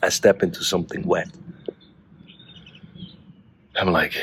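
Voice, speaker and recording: A man's voice: low-pitched, little pitch movement, fairly quick, a little hiss or hum. A middle-aged man casually telling a story to the camera, amused and chuckling between phrases. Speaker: vlogger.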